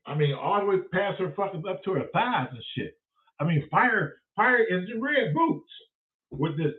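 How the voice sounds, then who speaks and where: Man, lively comic storyteller, higher voice, tinny and distant like a phone line. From Detroit, USA. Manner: profane, animated, acts out voices of others. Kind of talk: comedic storytelling.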